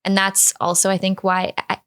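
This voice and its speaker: A woman's voice: mid-range voice, monotone, normal speed, a bit bright, clean tone. A woman in her thirties, a guest in an interview, talking candidly and reflectively, often restarting her thoughts. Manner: reflective, speaks in drafts with restarts.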